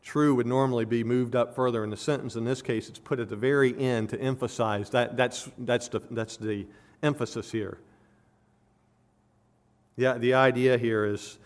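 Man preaching a measured verse-by-verse sermon. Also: medium pitch. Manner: measured teaching, rising to emphatic stress on key words. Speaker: pastor. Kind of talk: expository sermon.

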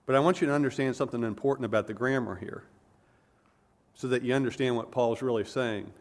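An earnest man delivering an expository sermon at a middle pitch. He explains patiently and leans into key words with emphasis. Now and then he backs up and restarts a phrase mid-thought. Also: fast talker. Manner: earnest, emphatic teaching with self-corrections. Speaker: preacher.

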